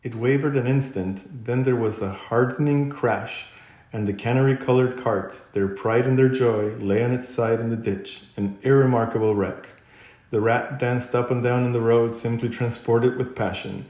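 A man narrating a children's classic aloud, unhurried, with occasional slips and throat-clearing. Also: mid-range voice, fairly even intonation, darkish tone. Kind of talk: storybook reading aloud. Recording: echoey room.

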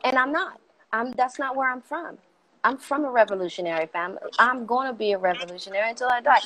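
A middle-aged woman, a guest in a conversation, talking with passion and emphasis and getting louder as she presses a point. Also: fairly high pitch, fast, low-quality recording. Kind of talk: casual conversation.

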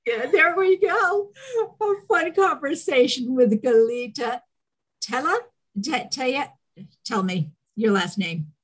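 Woman, podcast host, slow unhurried delivery, fairly high voice, gushing and enthusiastic. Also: animated, fairly bright tone. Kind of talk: casual podcast interview.

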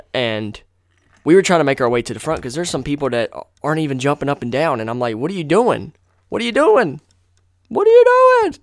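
A man's voice: medium pitch, clean tone, dry recording. A young man tells a long story on his podcast, rambling and getting worked up, with casual swearing along the way. His voice sits in a plain middle register. The sound is dead and dry, with a microphone propped on a box in a room at home. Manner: rambling, excitable, swears freely. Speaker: podcast host. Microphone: desk microphone on a box.

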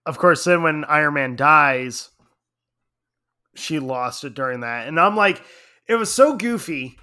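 A middle-aged man in casual chat, telling a story in an animated way and laughing often. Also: on the high side, a little slow.

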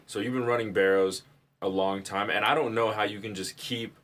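Lowish-voiced man swearing through a story. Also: a little fast. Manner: profane, animated storyteller. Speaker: podcast co-host. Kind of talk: casual chat.

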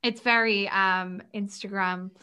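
A young woman co-hosting a casual book podcast, chatty and quick to laugh, with lots of fillers. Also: mid-range voice, fairly even intonation, bright, forceful tone, clear, resonant tone. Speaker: podcast co-host.

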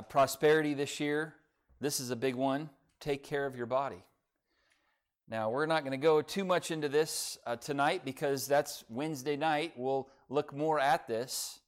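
A middle-aged man, a pastor giving a sermon in a church in a conversational, folksy way, telling a humorous family story. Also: on the high side.

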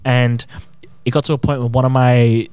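A young man chatting casually, animated as he tells a story and slips into voices for the people in it. His voice sits at an ordinary pitch and sounds dry and close. He rambles, with many restarts and fillers. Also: normal speed, smooth, no echo. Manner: animated storyteller who acts out both sides of conversations. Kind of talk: casual chat.

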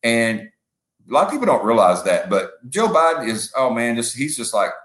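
A man's voice: mid-range voice, very animated, normal speed, a bit bright. Guy co-hosting a podcast, rambles, sports analogies, roomy echo. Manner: rambling, uses football comparisons, acts out quotes. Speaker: podcast co-host. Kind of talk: casual political commentary.

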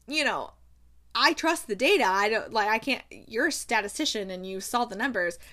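A woman voicing an earnest young male scientist who speaks in a calm, matter-of-fact way while retelling a book. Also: fairly high pitch, moderate pace.

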